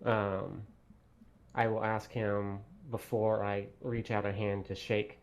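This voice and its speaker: Male tabletop player, low and gravelly, unhurried and hesitant. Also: flat delivery. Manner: slow, hesitant. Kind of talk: declaring actions in a tabletop game.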